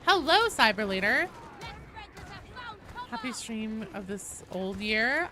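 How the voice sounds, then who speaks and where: Chatty young woman streamer, lively voice. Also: fairly high pitch, slow pace, long pauses. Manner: chatty, reads and answers chat, swears casually. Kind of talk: casual live-stream chat while gaming. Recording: steady background noise behind voice.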